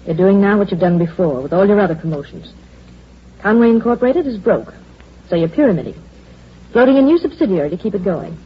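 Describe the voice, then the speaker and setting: An actress playing a sharp-tongued female secretary torn between love and hatred for her boss, in 1940s radio acting on a dull lo-fi old radio recording with faint music behind. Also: mid-range voice, sing-song, quick pace, husky. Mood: scornful.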